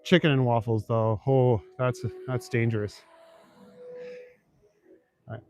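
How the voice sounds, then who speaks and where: A young man from Northern Ontario, Canada, walks city back streets at night while chatting casually with his live stream viewers, soft music playing in the background. His medium-pitched voice is a little slow; relaxed, he swears casually while reading and answering chat.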